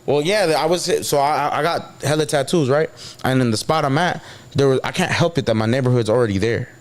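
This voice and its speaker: A man's voice: medium pitch, brisk. Man, casual storytelling, swears a lot, acts out quotes. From San Diego. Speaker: guest.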